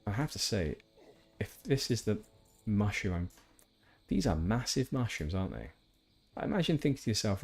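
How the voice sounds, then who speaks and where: Low husky man chatting. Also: sing-song, moderate pace, darkish tone. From England. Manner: chatty, rambling with asides. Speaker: streamer. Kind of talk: casual gameplay chat.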